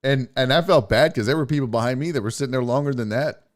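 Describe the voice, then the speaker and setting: A man's voice: medium pitch, quick pace. A man hosting his own show, telling a story in a profane, ranting casual style. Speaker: sports show host.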